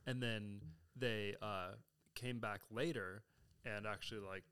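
Male podcast host, smooth clear voice, rambling and curious. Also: lowish voice, fairly even intonation, a little slow, fairly bright tone. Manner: laughs often, muses aloud, talks in fragments. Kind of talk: casual chat.

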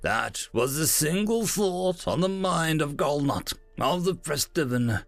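A man narrating science-fiction stories in a scripted, animated storytelling manner. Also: fairly high pitch, slow pace, dry recording, faint music behind.

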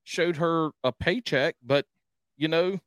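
A man's voice: a little high, slow pace, fairly bright tone, dry recording. A man co-hosting a podcast in casual chat, joking and teasing the guest. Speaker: podcast co-host. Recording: dry close-mic studio sound.

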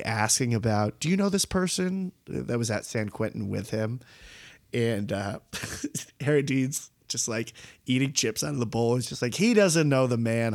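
An excitable man in a casual podcast chat about movies. His voice sits at an ordinary middle pitch, and he keeps jumping into quick bits of acted-out dialogue. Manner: excitable, animated storytelling with quoted asides. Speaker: podcast co-host. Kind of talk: casual film discussion.

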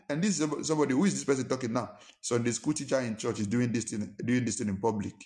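A man's voice: medium pitch, normal speed, darkish tone. A male pastor delivers a sermon in a mid-range voice. He preaches emphatically and fires one rhetorical question after another. He acts out quarrels in a raised voice. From Nigeria.

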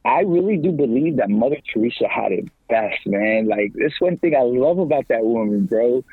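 A middle-aged man, a podcast guest and evangelist, talking about faith in a casual, slangy way, with his voice jumping up when he gets excited. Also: moderate pace, slightly rough, dry recording. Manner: animated, slangy, pitch leaps when excited. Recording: tinny phone-like line, dry.

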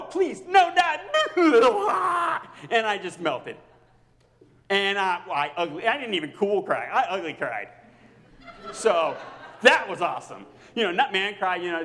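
A man preaching a personal sermon to his congregation as their pastor, swinging between loud outbursts and near-whispers. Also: high-pitched, lively intonation, moderate pace, long pauses, in a large hall.

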